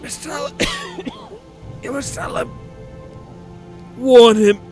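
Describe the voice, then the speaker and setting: A man's voice: very high voice, big pitch swings, slow pace, gravelly, exaggerated voice. An actor voicing a dying, wounded man in a video game, pleading in a strained voice. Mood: urgent, dying. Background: game music.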